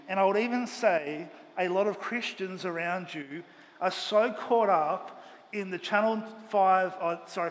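A pastor preaching a Sunday sermon with earnest, emphatic delivery, speaking in a church auditorium. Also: male voice, high voice, fairly bright tone. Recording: long hall reverb, faint ambient noise.

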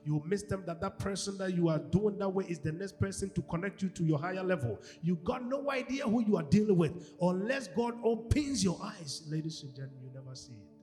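A male pastor preaching a sermon, animated, acting out quoted voices and swinging from shouts to hushed tones. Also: high voice, brisk, hardly any pauses. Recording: echoey hall with music behind.

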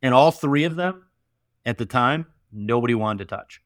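Animated, emphatic young man, dry close sound. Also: mid-range voice, moderate pace, no room sound. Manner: animated, emphatic, many fillers and tag questions. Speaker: podcast guest, venture investor. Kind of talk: casual interview storytelling.

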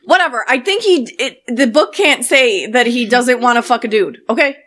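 A woman's voice: on the high side, expressive, moderate pace, fairly bright tone. A young woman co-hosting a casual chat podcast, joking and swearing, reading excerpts aloud. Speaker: podcast co-host.

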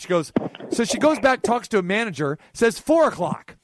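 A man hosting a radio talk show, telling a long story in a casual, animated way and acting out the lines of the people in it. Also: high voice, a little fast.

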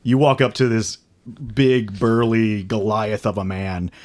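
A man runs a tabletop game as game master, describing scenes casually with many fillers. His voice sits a bit low. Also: unhurried, darkish tone. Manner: casual, loose, lots of fillers.

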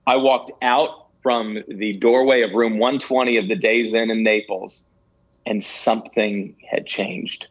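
A man's voice: lowish voice, steady tone, a little slow. Guy sharing a heartfelt story, kinda laughing at himself, trips over words, muffled lo-fi sound. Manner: earnest, self-deprecating, stammering restarts. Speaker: guest telling a ministry story. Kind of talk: candid personal storytelling.

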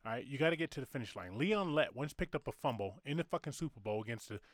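A rowdy, tipsy man with a Southern drawl talks in a fast, lively voice that swings widely in pitch, cursing freely as he rambles. The sound is dry and close to the mic. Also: no echo. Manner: rambling, profane, animated. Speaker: podcast co-host. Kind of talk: casual profane chat.

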